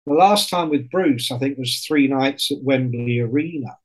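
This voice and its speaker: A man in casual chat on a podcast, telling stories in an animated way and swearing often. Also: medium pitch, moderate pace, poor audio.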